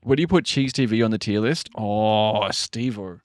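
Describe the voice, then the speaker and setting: A man's voice: on the low side, moderate pace, no echo, clean studio sound. A man chatting casually on a live stream, rambling and joking, with frequent swearing. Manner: rambling, jokey, swears often.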